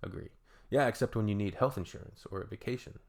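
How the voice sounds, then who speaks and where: A man's voice: fairly low pitch, fast, vocal fry, a little mellow. A Canadian man hosting a reaction video, reading comments aloud and adding dry, joking asides in a casual tone.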